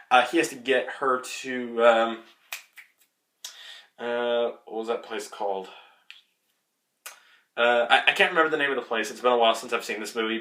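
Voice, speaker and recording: A young man giving a casual, rambling movie spoiler review as a vlogger, excitable and full of fillers. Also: mid-range voice. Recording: echoey room.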